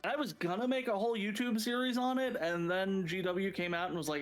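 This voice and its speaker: Guest dude in a stream chat, stumbles and restarts a lot, laughs, slightly high voice. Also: male voice, quick pace. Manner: stammering restarts, laughing, profane. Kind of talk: casual chat.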